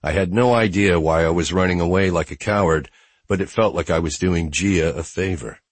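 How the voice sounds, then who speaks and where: A man narrating a first-person audiobook in a low, intimate storytelling manner on a close mic. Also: moderate pace, no room sound.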